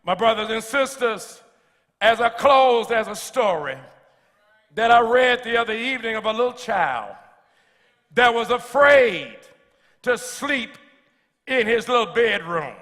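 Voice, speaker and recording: A man preaching a sermon as pastor, calling out to the congregation and building to shouts, with touches of humor. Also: very high voice, expressive, measured pace, pauses often, big-room sound. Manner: slips in humor. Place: church sanctuary.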